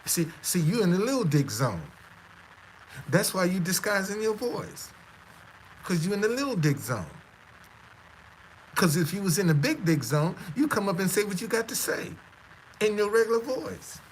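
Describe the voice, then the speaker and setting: A man's voice: high voice, very animated, normal speed, pauses often, a little hiss or hum, rough recording. A man hosting a live stream, talking to his audience in a stammering, repetitive, defiant way. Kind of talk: casual live-stream monologue.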